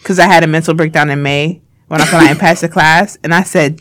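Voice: mid-range voice, fast talker, hardly any pauses, a bit bright. A young adult co-hosting a casual podcast chat, asking questions and laughing readily. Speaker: podcast co-host.

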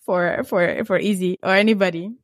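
A woman's voice: lowish voice, fairly even intonation, normal speed, no room sound, studio quality. A woman from Burundi co-hosting a podcast, playful and laughing as she defends herself in casual chat. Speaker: podcast co-host.

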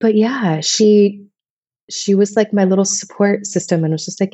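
A woman's voice: medium pitch, moderate pace, dark tone, slightly rough, dry recording, highs cut off. A woman in her thirties from Vermont, telling personal stories in a casual, emotional, rambling way as a podcast guest. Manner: emotional, rambling, many restarts.

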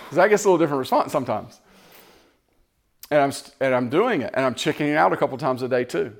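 A fast-talking man with a medium-pitched voice delivers a sermon as casual storytelling. He's animated, acting out the lines of the people in his story.

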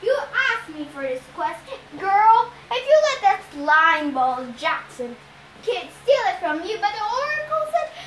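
Child reader doing a bellowing, bullying male war god for a storybook; high young voice pushed loud and slow, echoey room. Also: animated, a little hiss or hum, exaggerated voice. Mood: angry, menacing.

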